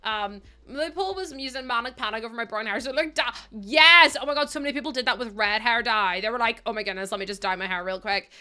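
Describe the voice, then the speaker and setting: A woman's voice: a little high, fast talker, hardly any pauses, pushed and bright, smooth. A young Northern Irish woman chatting casually to her livestream viewers while she builds in a game, laughing often and swearing freely. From Northern Ireland. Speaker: streamer.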